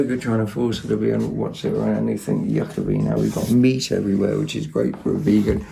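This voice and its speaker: A man's voice: lowish voice, little pitch movement, fairly quick, creaky, few pauses, warm tone, slight background noise. A man giving a rambling, casual show-and-tell of second-hand finds at home, with lots of ums and asides. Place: home, at a table.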